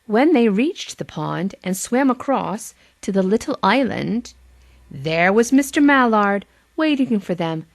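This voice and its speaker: A woman's voice: medium pitch, lively intonation, measured pace, creaky. A woman teacher with a Boston accent reading a picture book aloud to young children, with playful asides to them.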